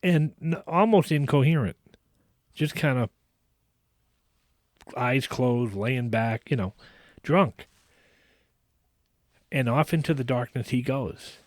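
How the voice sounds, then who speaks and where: A man hosting a podcast, casually telling a long anecdote in an animated way, with frequent restarts. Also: medium pitch, slow pace, long pauses, no room sound, studio quality. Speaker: podcast host. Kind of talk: casual storytelling.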